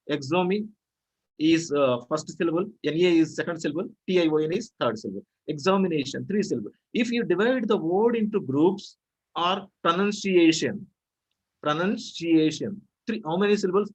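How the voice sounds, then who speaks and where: A man's voice: on the high side, slightly rough, low-quality recording. A man with an Indian English accent giving an online pronunciation lecture over a video call, drilling words over and over. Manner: repetitive, emphatic drilling of words.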